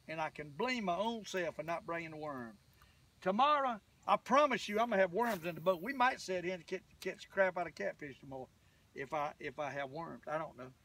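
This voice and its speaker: High-voiced older Southern man fishing. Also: sharp tone, slightly rough. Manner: folksy, rambling, chatty to viewers. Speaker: fishing vlogger. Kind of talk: casual fishing vlog talk. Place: outdoors on a boat on a lake. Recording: distant mic, faint outdoor ambience.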